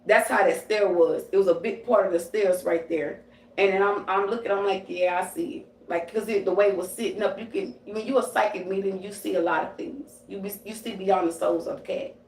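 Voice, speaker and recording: A woman's voice: medium pitch, steady tone, fairly quick, slight background noise. A woman livestreaming as a psychic medium, ranting in a profane, confrontational, slangy way. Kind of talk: livestream rant. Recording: roomy and distant from the mic.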